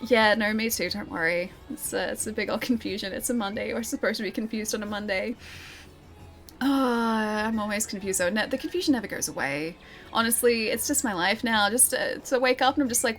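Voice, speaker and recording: A woman's voice: medium pitch, brisk, fairly bright tone, soft background music. A young woman live-streaming a game, chatting with her viewers in a giggly, teasing way. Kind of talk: live-streamed gameplay chat.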